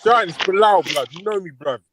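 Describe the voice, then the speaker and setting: A man's voice: high-pitched, expressive, brisk, background noise. A man on an online call, making threats in heated trash talk and tacking "blood" and "bruv" onto his lines.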